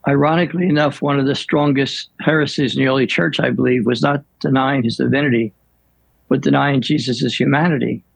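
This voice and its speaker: An older man, a priest, telling stories in an unhurried, reflective way with many pauses and fillers. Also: medium pitch, fairly even intonation, vocal fry, husky, dry recording, low-quality recording. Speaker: priest guest. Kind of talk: storytelling in an interview.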